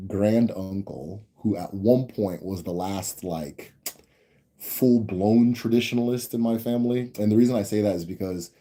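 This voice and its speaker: A man's voice: low-pitched, mellow, breathy edge. A man hosting a live stream, telling a family story in a rambling, casual way, with lots of restarts and tag questions. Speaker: host answering viewer questions.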